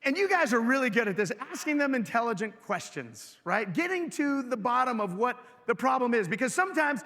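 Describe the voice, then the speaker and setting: High-pitched energetic male keynote speaker. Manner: energetic, engages audience with questions. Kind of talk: live keynote speech. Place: large hotel event hall. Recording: reverberant hall.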